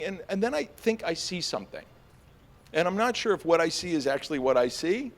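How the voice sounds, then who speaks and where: An American man telling a story on stage before a live audience, animated and self-mocking, full of fillers and restarts. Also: fairly high pitch, a little fast. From United States.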